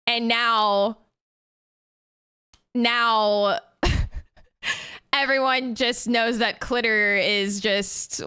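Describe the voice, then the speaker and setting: A woman's voice: on the high side, sharp tone, clear, resonant tone. A woman game streamer chatting casually with viewers, giggly and rambling. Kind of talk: casual live-stream chat.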